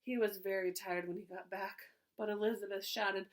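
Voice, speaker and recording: A woman, a preschool teacher, reading a storybook aloud to children in an animated way, pausing to ask them questions. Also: mid-range voice, poor audio. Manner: animated, asks listeners questions.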